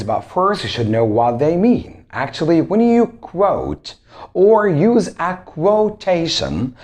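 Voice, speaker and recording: Animated man teaching English pronunciation. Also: fairly high pitch. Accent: Arabic. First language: Arabic. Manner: emphatic, drawn-out word drills and rhetorical questions. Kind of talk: spoken English lesson.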